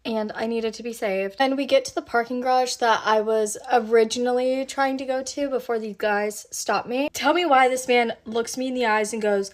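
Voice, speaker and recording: A woman vlogger telling a date story in a chatty, animated way, full of "like" fillers. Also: fairly high pitch, normal speed. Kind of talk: casual storytime chat.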